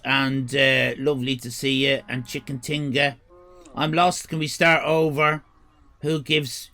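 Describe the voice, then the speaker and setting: An Irish man hosting a live stream, chatting casually with viewers, swearing and joking in animated rants. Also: medium pitch. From Ireland. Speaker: livestream host.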